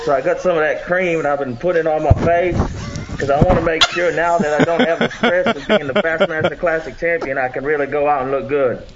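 A man playing a stiff, rambling male fishing champion on a comedic call-in, halting and deadpan. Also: fairly high pitch, close to an everyday voice. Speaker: caller impersonating a bass fishing pro. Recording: dull lo-fi audio with crowd noise.

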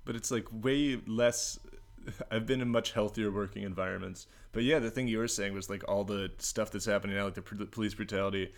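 A man's voice: fairly low pitch, fairly even intonation, a little fast. A man in casual, joking conversation, rambling with lots of fillers and breaking into silly impressions. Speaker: podcast co-host. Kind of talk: casual comedic chat.

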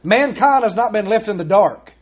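A man preaches from the pulpit, his voice pitched high for a man. He is earnest and emphatic, pressing his points home and leaning on rhetorical questions. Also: animated, normal speed, dull audio. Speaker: pastor. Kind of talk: sermon.

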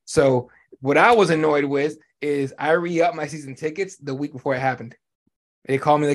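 A man's voice: a little high, normal speed. A man hosting a sports podcast in casual chat, blunt and profane, ranting with lots of animation. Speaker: podcast host.

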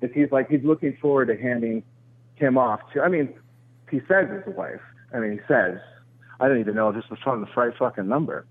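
A man's voice: medium pitch, fairly quick. A man on a phone call as an angry customer, talking in an exasperated, rambling way.

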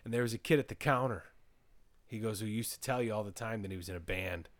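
A crowd can be heard behind the podcast host, who speaks fast at a fairly low pitch. He's an animated storyteller, casually relaying quotes with repeated "he goes."

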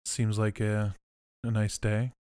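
A man's voice: on the low side, little pitch movement, slow, a little mellow, clear, resonant tone, no room sound. A man co-hosting a podcast in casual chat, teasing and dry-humored. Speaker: podcast co-host.

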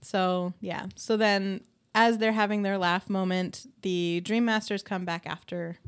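A woman's voice: medium pitch, fairly even intonation, unhurried, clean tone. Chatty woman recapping an episode. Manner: chatty, quotes her own reactions, laughs often. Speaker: podcast co-host. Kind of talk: casual chat recapping an episode.

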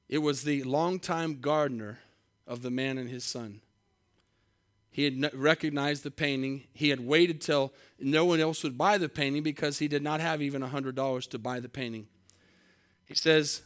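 A man's voice: on the high side, normal speed. Dramatic storytelling male preacher. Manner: dramatic, swinging between soft and loud, with restarts. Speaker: pastor. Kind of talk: sermon storytelling.

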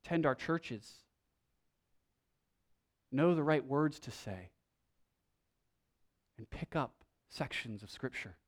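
A male pastor preaching a sermon in a conversational way, with wry asides. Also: fairly high pitch.

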